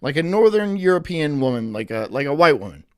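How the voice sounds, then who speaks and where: A man's voice: fairly high pitch, very animated, fairly quick, clean tone. A man rambling sardonically while streaming live commentary, laughing at his own jokes.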